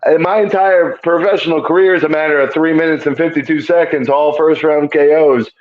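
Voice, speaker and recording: Laid-back laughing fighter, dull audio. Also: male voice, a little high, steady tone, a little fast. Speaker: bare-knuckle fighter. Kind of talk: casual interview chat.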